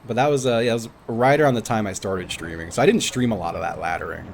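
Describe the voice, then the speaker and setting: A man's voice: on the low side, fast talker, vocal fry, slight background noise. A man streaming a game, chatting casually, laughing and swearing as he reminisces. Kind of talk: casual gaming chat.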